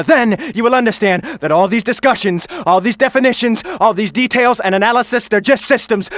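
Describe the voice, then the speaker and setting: A man performing a spoken word poem with intense emphasis, building from low murmurs to shouting. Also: no echo. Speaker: slam poet.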